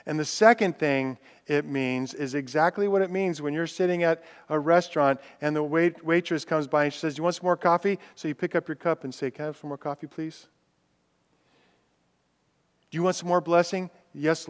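A male pastor delivers a sermon, swinging between loud declarations and hushed, drawn-out words and reading scripture aloud with rising intensity. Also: a little high, fairly even intonation, clean tone. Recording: long reverb from a large hall.

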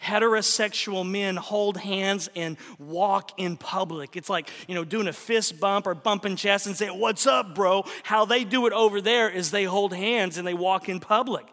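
High, bright-voiced pastor preaching in a hall. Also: male voice, normal speed, hardly any pauses. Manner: animated storytelling with rhetorical questions. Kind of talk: sermon. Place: church sanctuary.

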